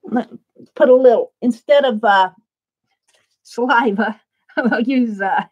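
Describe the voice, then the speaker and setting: In a muffled recording, a middle-aged Midwestern woman with a high voice talks her way through a casual crafting stream. She rambles slowly and easily while working, often laughing between thoughts.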